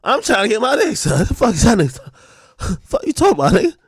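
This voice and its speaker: A man hosting a livestream, delivering a loud, profane comedic rant with shouted bursts. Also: sits high, huge pitch swings, a little fast, husky, dry recording, clean studio sound. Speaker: streamer and show host.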